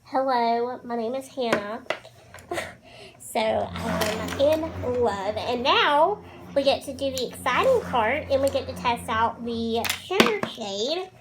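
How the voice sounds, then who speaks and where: A young woman talks through a makeup tutorial in a high, girlish voice. She is chatty and bubbly, gushing over products and dropping in casual fillers. A faint hiss sits under the recording. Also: expressive, slow pace. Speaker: beauty vlogger.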